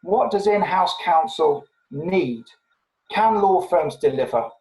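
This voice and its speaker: A man's voice: sits high, expressive, darkish tone, echoey room, rough recording. A man moderating an online panel, speaking casually and firing off a string of rhetorical questions. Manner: brisk, rhetorical questions in series. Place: online video call.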